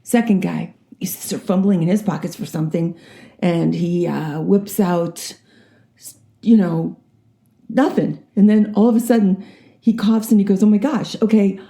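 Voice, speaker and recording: Older lady in her 60s rambling through jokes, gravelly and really dark voice. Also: on the low side, a little slow. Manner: chatty, rambling, animated storyteller. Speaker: vlogger. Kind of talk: casual joke telling.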